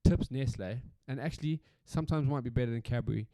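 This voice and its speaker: A man's voice: mid-range voice, fast talker, warm tone, no room sound. A South African man hosting a solo podcast in a casual, rambling rant, swearing freely and repeating himself for emphasis. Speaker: podcast host.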